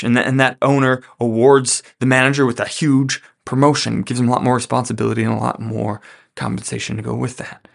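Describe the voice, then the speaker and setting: A man's voice: medium pitch, steady tone, quick pace, creaky, a bit bright. A man hosting a podcast, teaching about money from a Bible story in a casual way and often checking in with "right?". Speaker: podcast host.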